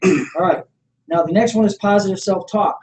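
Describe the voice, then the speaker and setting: A middle-aged man leading a motivational sales training seminar. He coaches with energy, keeps checking that the room is following, and acts out sample pitches. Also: normal speed, a little mellow, rough recording. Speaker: network marketing trainer.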